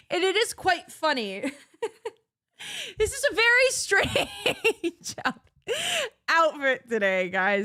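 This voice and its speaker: Giggly woman streamer with a lively voice. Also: a little high, no room sound, studio quality. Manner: giggly, laughs often, playful and self-mocking. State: voice cracking. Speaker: livestreamer. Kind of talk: casual live-stream chat.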